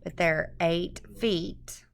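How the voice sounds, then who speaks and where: A woman giving a screencast lecture, explaining step by step in a halting way with frequent pauses to think. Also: lowish voice, steady tone, gravelly, slight background noise. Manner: halting, explanatory, many um fillers. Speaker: presenter explaining a poem.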